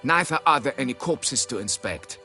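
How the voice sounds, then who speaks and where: An actor voicing a pompous, condescending aristocrat who owns a vineyard, in a video game, with faint music behind. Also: male voice, medium pitch, animated, moderate pace, pushed and bright. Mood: grave. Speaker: nobleman quest giver.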